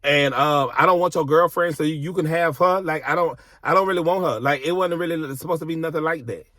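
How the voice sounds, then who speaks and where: A man's voice: fairly high pitch, brisk, a bit bright, no room sound. Profane, blunt man ranting in his car. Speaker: vlogger telling a personal story. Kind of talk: casual storytime rant.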